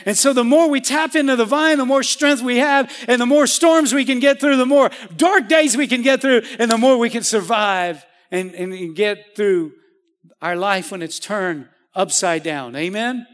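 A man preaches in a very high voice, pressing his congregation with repeated calls of "come on" and "amen." His delivery builds from steady teaching to fervent appeals. The sound carries the long reverb of a church sanctuary. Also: moderate pace. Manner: emphatic, rising to fervent calls. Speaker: pastor. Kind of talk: sermon.

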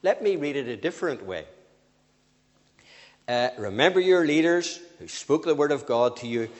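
An older man preaching a sermon, swinging from loud emphatic phrases to quiet asides. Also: on the high side. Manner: lively with sudden rises and drops, slow emphatic phrasing. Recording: long reverb of a church hall.

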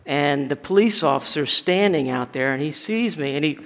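A male pastor gives a conversational, story-filled sermon in a church sanctuary, frequently stumbling and repeating words. His voice is on the high side, fairly bright, with lively intonation and a moderate pace. Long hall reverb fills the recording.

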